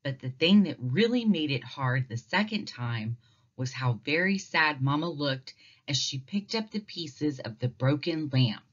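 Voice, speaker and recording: A woman teacher reading a children's storybook aloud, slow and expressive. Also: deep voice, breathy edge. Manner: slow, warm and expressive narration. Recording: dull lo-fi recording.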